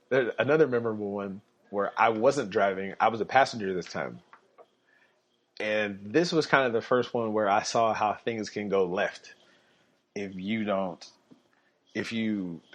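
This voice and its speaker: A young man telling personal stories casually on a podcast, animated, often laughing and acting out the people in them. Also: lowish voice. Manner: animated, laughs through his stories, acts out quotes. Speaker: podcast guest storyteller. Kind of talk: casual storytelling. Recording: dull lo-fi podcast audio.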